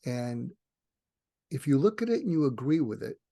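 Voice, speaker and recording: Older male guest, rambling storyteller, animated quotes, mid pitch. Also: moderate pace, vocal fry, no echo, clean studio sound. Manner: rambling with frequent restarts, acts out dialogue with rising pitch. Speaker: psychiatrist guest. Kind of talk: animated storytelling in a podcast interview.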